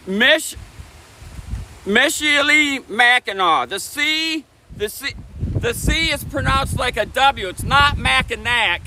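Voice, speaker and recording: A man's voice: very high-pitched, bright, forceful tone, rough recording. A middle-aged man live streaming outdoors from a phone, chatting with viewers, repeating himself and answering chat. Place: outdoors on a beach by a busy bridge. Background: traffic and wind noise.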